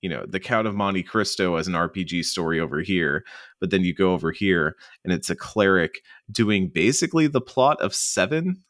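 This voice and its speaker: A man, co-hosting a podcast in a lively, laughing, rambling way. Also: low-pitched, no echo, studio quality. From Southern United States. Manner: animated, quick to laugh, rambling with restarts. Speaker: podcast co-host. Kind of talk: casual podcast chat.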